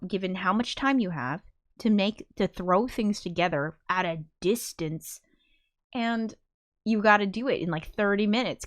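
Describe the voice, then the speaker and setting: A woman's voice: mid-range voice, a bit bright, no room sound, studio quality. A woman livestreamer chatting casually and emotionally, reading viewer comments, full of fillers and frank swearing. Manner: rambling and emotional, with many fillers and frequent swearing. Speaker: livestreamer and film composer.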